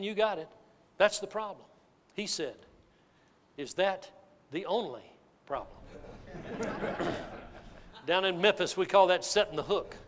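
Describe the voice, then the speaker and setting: A man giving a keynote sales speech, telling a folksy, animated story to a live audience. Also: sits high. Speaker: motivational sales speaker. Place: large hall with an audience. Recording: reverberant hall.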